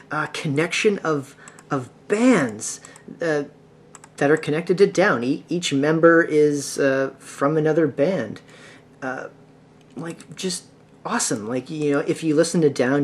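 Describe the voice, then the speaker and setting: Man, podcast host, casual rambling talk, lots of uhs, mid pitch, faint background hiss. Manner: rambling, many fillers and restarts.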